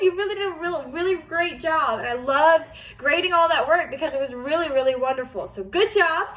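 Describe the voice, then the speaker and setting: A woman with a high voice teaches phonics to young children from home. She is patient and encouraging, and she sounds out each word slowly so the children can follow. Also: fairly bright tone.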